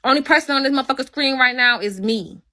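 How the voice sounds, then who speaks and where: Bright-voiced woman ranting on a livestream. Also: high voice, fast. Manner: blunt, profane, confrontational. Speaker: livestream host. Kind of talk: angry livestream rant.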